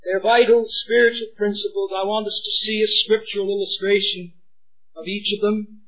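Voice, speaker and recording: Impassioned high-voiced preacher, lo-fi. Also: male voice, little pitch movement, normal speed, slightly rough. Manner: impassioned, swings from hushed pleading to shouting. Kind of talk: sermon.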